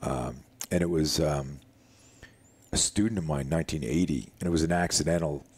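A man's voice: very deep voice, normal speed, breathy edge. A middle-aged man, a self-defense instructor, telling a story in a casual conversation and acting out the voices of the people in it. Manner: animated storyteller, acts out quoted voices. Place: living room.

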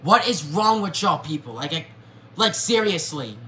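A young adult vlogger ranting to viewers in an agitated way, repeating themselves, with the voice jumping high and loud whenever they get upset. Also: big pitch swings, normal speed, a little hiss or hum. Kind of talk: ranting to camera.

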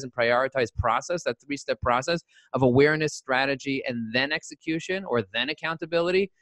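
A man talking as a podcast guest in an animated, motivational way, full of catchy rhymes. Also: fairly high pitch, dry recording. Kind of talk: energetic interview talk.

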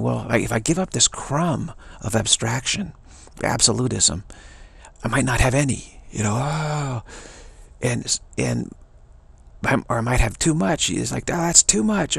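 A man giving a halting, rambling spiritual monologue, with frequent restarts and quick mocking voices for others. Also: medium pitch, vocal fry, breathy edge, no room sound. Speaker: spiritual commentator.

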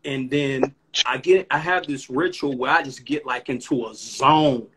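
A rapper from Chicago with a Chicago accent, talking reflectively in a casual live stream chat. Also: male voice, mid-range voice, unhurried, noisy background. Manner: reflective, affirming listener.

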